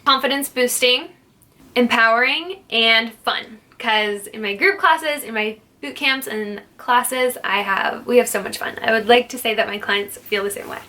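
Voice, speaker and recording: A young woman, a fitness instructor, chatting playfully through a casual Q&A vlog, jokey and quick to laugh. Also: on the high side, bright, forceful tone. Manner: jokey, playful, not serious.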